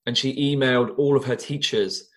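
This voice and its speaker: An earnest young Englishman speaking as an interview guest and telling personal stories at an ordinary, mid-range pitch. He gets animated and often restarts his sentences as he talks. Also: normal speed. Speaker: guest, former teacher and youth coach. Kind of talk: conversational interview storytelling.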